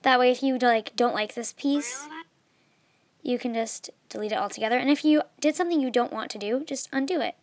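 A young woman talks through an app step by step in a loose, chatty way. Her voice sits a little high and sounds dry and close to the mic. She often drifts into softer, trailing asides. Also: fairly quick, dry recording. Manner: chatty, filler-heavy, trails off softly. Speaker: video tutorial maker. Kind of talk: casual screen tutorial.

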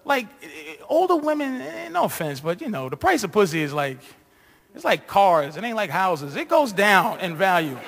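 High, lively-voiced crude stand-up man. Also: normal speed, gravelly, slight background noise. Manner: crude, rambling, shouting punchlines and acting out voices. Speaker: stand-up comedian. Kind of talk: stand-up comedy set. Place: live comedy stage.

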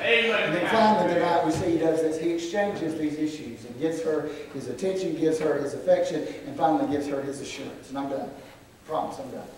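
A man preaching a sermon, building to emphatic shouts and dropping to quiet asides, with cries of "well, glory". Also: fairly quick, a crowd in the background. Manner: emphatic preaching that swells into shouts, then drops low. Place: church sanctuary. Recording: echoey sanctuary, far from the mic, congregation audible. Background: congregation calling out amens.

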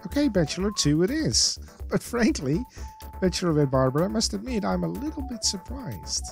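Dude doing a smarmy game show host, formal announcer talk, lively pitch. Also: male voice, moderate pace, gravelly, soft background music, heavily acted, poor audio. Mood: announcing.

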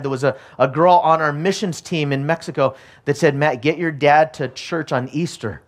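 Man, middle-aged pastor, sermon, fairly high voice, personal story then urgent repeated pleas.

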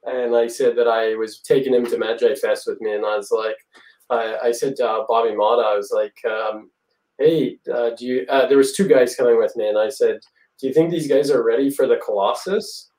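Guest storyteller, male, mellow tone, recorded far off the mic in a roomy space. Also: medium pitch, fairly even intonation, a little fast. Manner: rambling, laughs often, acts out quotes. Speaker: guest magician. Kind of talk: casual storytelling. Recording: echoey room, far from the mic.

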